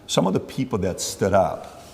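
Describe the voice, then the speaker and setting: A man's voice: on the low side, sing-song, normal speed, gravelly, darkish tone, long reverb tail. A man hosting an interview, rambling through long setups and acting out dialogue between questions. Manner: rambling, acts out dialogue, many fillers. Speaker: interview host.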